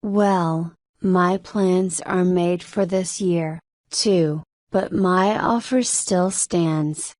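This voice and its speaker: A woman's voice: fairly low pitch, drawn-out words, few pauses, a little mellow, no echo, studio quality. A woman reading as a brash film director man. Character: brash male film director, middle-aged.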